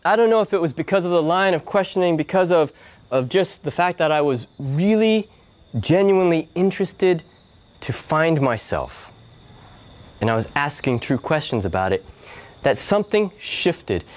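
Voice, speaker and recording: A man's voice: a little high, normal speed. A man giving a spiritual talk, telling a personal story and acting out his family's voices. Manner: animated, acts out family voices. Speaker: spiritual speaker. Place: yoga hall.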